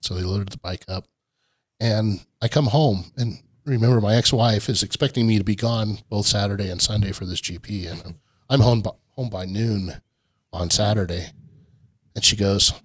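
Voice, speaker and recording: A man's voice: lowish voice, normal speed, no echo. A middle-aged man, a podcast guest, telling a long rambling story in a casual interview and laughing often. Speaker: podcast guest, off-road park owner.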